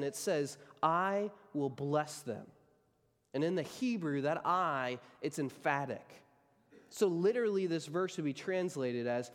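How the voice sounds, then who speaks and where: A man's voice: a little high, big-room sound. A man preaching a sermon as a pastor, emphatic and driving his points home by repeating key phrases.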